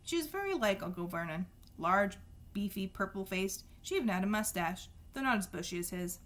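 A woman's voice: mid-range voice, animated, brisk, fairly bright tone. Woman reading a novel aloud. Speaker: reader.

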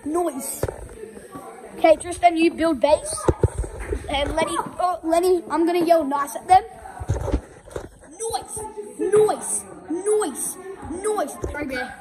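Young girl vlogger, very high squeaky voice, giggly and shrieky, crowded noisy house. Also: measured pace. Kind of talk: excited playful chatter. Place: busy house indoors.

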